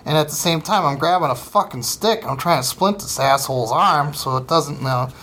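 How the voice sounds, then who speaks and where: A man's voice: fairly high pitch, fairly quick. A man, a comedian and former service member, telling stories in a casual chat, swearing constantly and acting out the people he quotes. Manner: profane, animated storyteller who acts out quotes. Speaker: comedian and podcast guest. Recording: roomy room, faint ambience.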